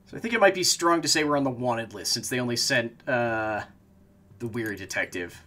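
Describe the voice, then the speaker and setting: A man's voice: medium pitch, lively intonation, a little fast, sharp tone. A man streaming a game, talking to himself as he plays and breaking into frustrated, swearing outbursts. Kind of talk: casual gameplay commentary.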